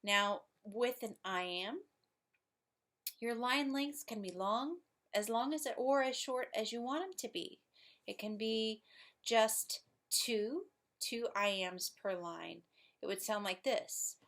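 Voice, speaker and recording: A woman's voice: fairly high pitch, slow pace, pauses often, a bit bright. A woman teacher recording a lesson video for her class, explaining patiently step by step and stressing syllables aloud.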